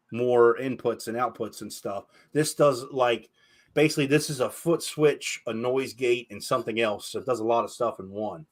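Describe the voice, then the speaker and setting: A man hosting a casual podcast chat, telling stories with animation and swearing freely. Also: medium pitch. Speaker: podcast host.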